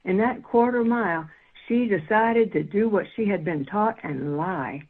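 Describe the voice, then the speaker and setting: A woman in her seventies from South Carolina, a guest calling in who talks fast and earnestly, repeating words. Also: mid-range voice, expressive, slightly rough. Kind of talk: call-in interview. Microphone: phone. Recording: tinny phone line.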